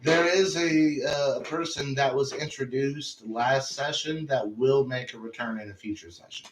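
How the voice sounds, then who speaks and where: A man's voice: mid-range voice, a little slow, background noise. A man running a tabletop game, chatting loosely and telling stories about it, swearing freely. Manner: animated, swearing storyteller. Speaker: game master. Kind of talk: casual chat after a tabletop game. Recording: roomy, distant mic.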